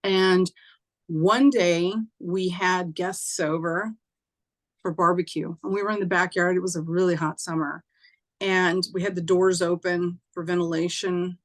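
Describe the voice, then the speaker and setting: Woman animatedly telling a ghost story. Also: unhurried. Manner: animated, acts out quoted voices with raised pitch; conversational, with fillers and occasional laughs. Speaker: spiritual teacher and host. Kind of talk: casual storytelling chat.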